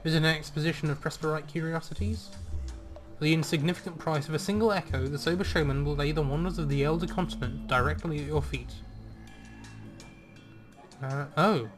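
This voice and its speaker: A man's voice: on the high side, fairly even intonation, a little fast, music in the background. A man playing a video game and commenting on it in a chatty way, reading in-game text aloud in a theatrical tone. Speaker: video game let's player.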